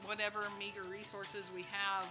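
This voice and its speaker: A woman's voice: mid-range voice, flat delivery, moderate pace. Earnest, heartfelt woman, school staff, interview with music underneath. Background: background music.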